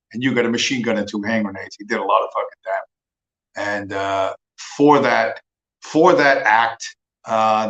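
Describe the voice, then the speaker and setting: Male streamer host, mid-pitched voice, sarcastic profane ranter, roomy echoey sound. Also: a bit bright. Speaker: livestream host. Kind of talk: casual ranting monologue.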